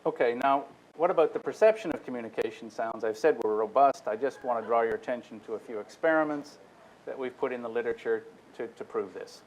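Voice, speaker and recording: A man's voice: mid-range voice, fairly quick, slight background noise, low-quality recording. A man giving a technical lecture to an audience. He explains step by step, speaks directly to his listeners and often restarts his phrases. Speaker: guest lecturer.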